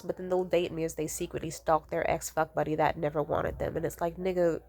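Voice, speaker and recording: A woman's voice: on the low side, level tone, a little fast, hardly any pauses, a little mellow. A young woman ranting casually, blunt and profane, exasperated, mimicking the people she complains about.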